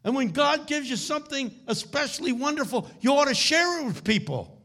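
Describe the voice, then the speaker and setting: A man voicing a generous, eccentric homeless man on the street, in a high, friendly voice. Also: animated, fairly quick, sharp tone, exaggerated voice. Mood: cheerful. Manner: high cheerful friendly calls.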